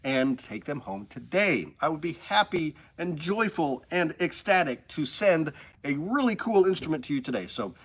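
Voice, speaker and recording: A man's voice: a little high, big pitch swings, normal speed, fairly bright tone. A man from the hosting a casual live stream from a music store studio, upbeat and rambling.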